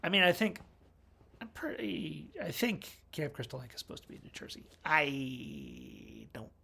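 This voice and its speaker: A man's voice: on the high side, big pitch swings, moderate pace, creaky, pushed and bright, breathy edge. A man giving a casual, rambling movie review with wry asides and frequent self-corrections. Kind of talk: casual film review monologue.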